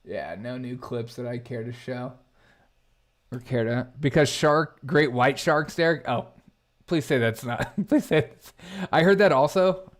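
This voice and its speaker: A man's voice: mid-range voice, measured pace. A man hosting a live-stream commentary show, reacting to headlines and chat in a sarcastic, mocking way. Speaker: political commentary host.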